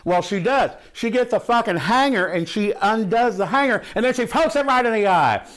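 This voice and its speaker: A man's voice: high-pitched, lively intonation, normal speed, a bit bright. A man playing a brash, foul-mouthed movie buff in a comic monologue, rambling and loose, full of swearing and "ain't". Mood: excited. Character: brash foul-mouthed man gushing about horror films.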